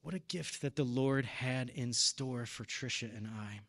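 Earnest man preaching, bright voice. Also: medium pitch, unhurried. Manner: earnest storytelling, gets emotional. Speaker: deacon or preacher at a parish. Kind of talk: personal testimony in a sermon.

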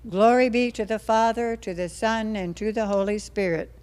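A woman leading the rosary, reciting prayers in a steady, measured rhythm with line endings that trail off softly. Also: medium pitch.

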